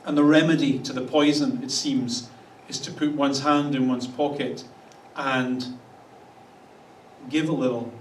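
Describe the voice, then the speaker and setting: A man's voice: medium pitch, steady tone, unhurried, slight background noise. A man preaching a conversational sermon as a pastor, wry in tone and slipping into the voices of the people he quotes. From Canada. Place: church hall. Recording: echoey church hall, voice a bit distant.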